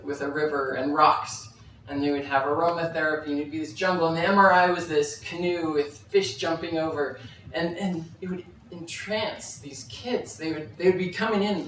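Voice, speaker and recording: A man's voice: a little high, fairly bright tone, a little hiss or hum. Man giving a talk in an echoey hall. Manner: storytelling, frequent fillers and restarts. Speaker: conference speaker. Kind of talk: live presentation. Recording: very echoey hall, mic at a distance.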